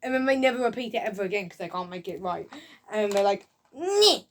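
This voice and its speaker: A woman giving a casual, excited review of a film, rambling through scenes with frequent restarts. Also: medium pitch, quick pace, a little hiss or hum. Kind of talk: casual home-video review.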